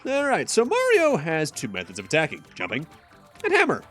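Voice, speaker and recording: A man's voice: a little high, wildly swooping pitch, brisk, fairly bright tone. A man from Massachusetts streaming a game, chatting casually with jokes and rambling asides over faint game music. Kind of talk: casual gameplay commentary.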